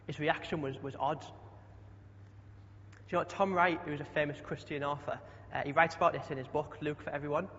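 A man's voice: fairly high pitch, fairly even intonation, fairly quick, fairly bright tone. A young man preaching a chatty sermon, often asking the congregation questions. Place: church hall. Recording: dull sound with long hall echo.

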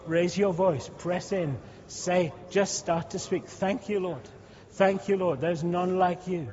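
A man's voice: high voice, takes it slowly, a little mellow. A man, a pastor leading his church in fervent prayer with repeated, rising pleas. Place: church hall. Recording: dull sound with long hall reverb.

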